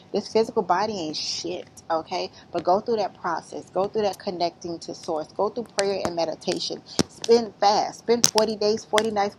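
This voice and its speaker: A woman's voice: on the low side, noisy background. A woman giving blunt, rambling spiritual advice in a casual vlog, outdoors among trees. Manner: rambling, blunt and profane, lively. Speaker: spiritual vlogger.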